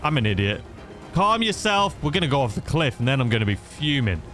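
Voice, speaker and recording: A man's voice: medium pitch, very animated, a little fast, a bit bright, faint music behind. A man giving rambling, self-mocking gameplay commentary that tips into frustration. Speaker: gaming YouTuber.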